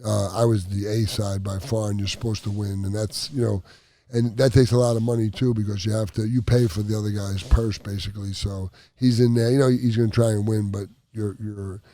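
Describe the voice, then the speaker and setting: Low-voiced man telling rambling stories. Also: level tone, warm tone. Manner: rambling, halting, laughs through stories. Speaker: former pro boxer and podcast host. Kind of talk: casual storytelling chat. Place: studio with others at a table.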